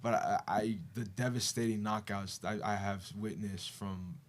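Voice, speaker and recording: Laid-back low-voiced guy. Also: fairly even intonation, normal speed. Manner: laid-back, says "man" and "dude" often. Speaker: co-host. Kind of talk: casual sports chat.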